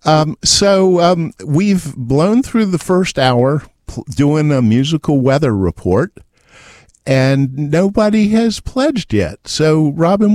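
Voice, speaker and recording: A man's voice: fairly high pitch, animated, slow pace, darkish tone, dry recording. A man hosting a radio music show in the studio, chatting casually and hesitantly with plenty of ums. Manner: hesitant, many ums, chuckles. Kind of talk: casual on-air chat.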